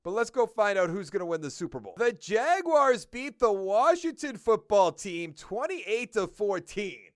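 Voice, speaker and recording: A man's voice: high voice, big pitch swings, a little slow, few pauses, no room sound, studio quality. A man with a Boston accent giving casual commentary over a video game, thinking aloud as he runs through player stats and numbers. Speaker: gaming video creator.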